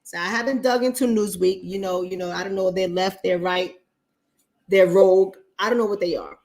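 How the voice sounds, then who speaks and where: A woman's voice: medium pitch, steady tone, a little fast, a little mellow. A woman hosting a casual livestream chat, talking bluntly to her viewers with frequent profanity and repeating points for emphasis. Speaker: online talk show host.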